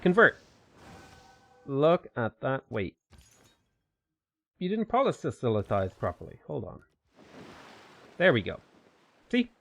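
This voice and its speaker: Male game streamer, bouncy animated delivery, dry close sound, chatty with viewers. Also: medium pitch, slow pace, gravelly, long pauses, no room sound, lo-fi sound. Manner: chatty, reads viewer questions, bursts of excitement. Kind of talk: live gameplay commentary.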